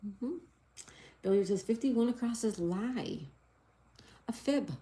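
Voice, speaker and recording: On a casual livestream, a middle-aged woman with a slightly high, mellow voice goes slowly and pauses a lot. She's cheerful and chatty while reading viewers' comments and spelling each crossword answer letter by letter, and she apologizes when she slips.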